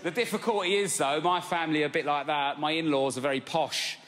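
Cheeky South East London comic. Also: male voice, on the high side, steady tone, quick pace, slight background noise. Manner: brash, cheeky, punchy. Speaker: stand-up comedian. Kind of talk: stand-up routine. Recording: live club, loud crowd laughter.

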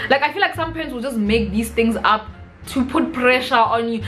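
A young South African woman vlogging a comedic rant, animated and mixing local slang into her English. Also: a little high, a little fast, faint music behind, poor audio.

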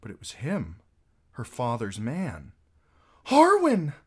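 Low, animated male audiobook reader. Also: unhurried. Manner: expressive, animated reading. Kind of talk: amateur audiobook narration.

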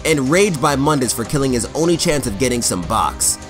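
Dude doing a crude funny game recap, voice jumps all over, some music under it. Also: male voice, medium pitch, lively intonation, brisk. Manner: profane, joking, acts out characters. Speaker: co-host. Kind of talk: comedic game story recap.

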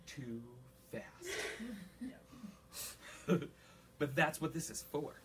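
In a recital room before an audience, a man coaches a flute masterclass, singing rhythms on syllables, counting aloud and cracking jokes. His voice is on the high side, very slow and a bit bright, with a little hiss or hum in the recording.

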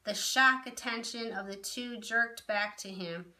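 Slow, bright-voiced woman reading a novel aloud. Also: a little high. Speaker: storyteller.

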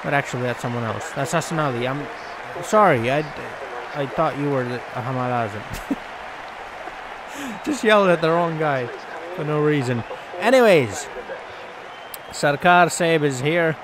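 A man's voice: fairly high pitch, animated, a little slow, long pauses. A man giving casual, exasperated gameplay commentary, swearing and cracking jokes. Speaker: gaming YouTuber. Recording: loud game crowd and noise behind. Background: game crowd and ambience.

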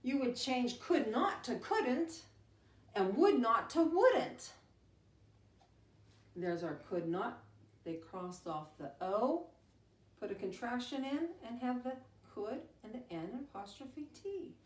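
A middle-aged woman teacher reading a picture book to young children, animated and exclaiming. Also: on the high side. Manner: animated, gasping and exclaiming, speaks slowly and sing-song to young children. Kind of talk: storytime read-aloud lesson. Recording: roomy, from a distance.

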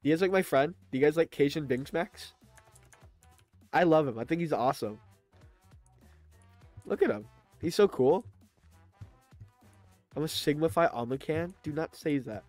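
A man streaming a video game live, talking to his chat in a chatty, excitable way. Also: fairly high pitch, moderate pace, pauses often, no echo, soft background music. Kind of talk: live gaming stream commentary.

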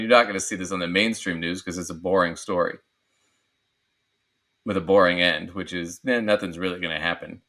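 A man's voice: deep voice, a bit bright. A man co-hosting a podcast, giving casual, joking commentary on a video clip and laughing often. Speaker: podcast co-host.

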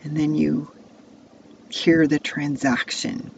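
A woman's voice: low voice, little pitch movement, slow pace, creaky, lo-fi sound, a little hiss or hum. A woman telling a Bible story to children, placing the listener inside the tale as "you". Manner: second-person immersive storytelling.

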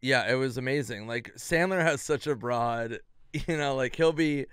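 A man's voice: medium pitch, moderate pace, clear, resonant tone, dry recording, clean studio sound. A man from Minnesota, a comedian guest on a podcast, telling casual stories and acting out quotes in different voices. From Minnesota, USA. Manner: animated storyteller who acts out quotes in varied voices. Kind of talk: casual storytelling chat.

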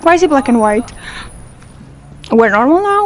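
A young woman hosting a reaction video, talking back at the screen, excitable and swearing freely. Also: sits high, measured pace, slight background noise. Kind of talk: casual reaction commentary.

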